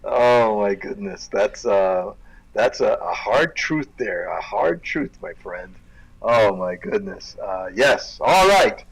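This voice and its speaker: A man's voice: on the low side, animated, slow pace, slightly rough, low-quality recording. A man co-hosting a casual chat, rambling with fillers and laughing as he comments on videos. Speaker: co-host.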